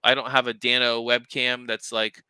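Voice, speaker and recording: A young man chatting on a livestream with a very bright, crisp voice. He rambles excitedly, full of fillers and false starts, into a dry close webcam mic. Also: mid-range voice, normal speed, no echo, rough recording. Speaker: livestream co-host, crystal maker. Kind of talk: casual livestream chat.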